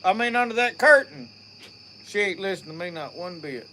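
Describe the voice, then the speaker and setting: A man's voice: high-pitched, big pitch swings, a little fast, pushed and bright, slight background noise. A middle-aged man with a Mississippi accent, hosting an outdoors live stream and chatting with viewers in a rambling, folksy way. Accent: Southern US, Mississippi. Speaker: outdoors channel host. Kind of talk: casual live-stream chat. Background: faint crickets and insects.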